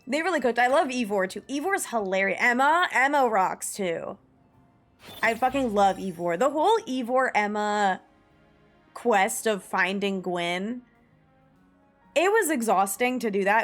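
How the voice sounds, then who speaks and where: A young American woman streaming a game, chatting in a rambling, enthusiastic way full of "like" fillers and the odd swear word. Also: on the high side. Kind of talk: casual chat while gaming. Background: faint game music.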